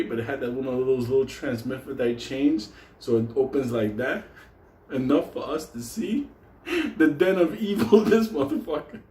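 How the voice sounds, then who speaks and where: A man's voice: a little high, a little mellow, roomy sound. A man telling a wild story in a rowdy, profane way, often laughing as he talks.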